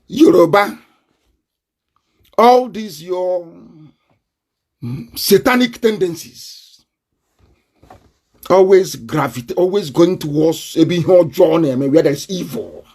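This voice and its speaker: Nigerian guy going off on a live stream, high voice, loud and combative, laughing at people. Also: slow pace, long pauses. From southeastern Nigeria. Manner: fiery and confrontational, with mocking laughter. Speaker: broadcaster. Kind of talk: live online broadcast.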